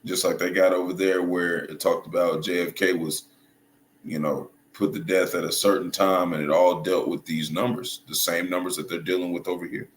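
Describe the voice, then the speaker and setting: A man giving casual video commentary as a religious commentator, halting and hunting for words, often checking in with his listeners. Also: deep voice, little pitch movement. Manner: halting, restarts and hunts for words, checks in with "right?" and "you see?". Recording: echoey room with faint noise.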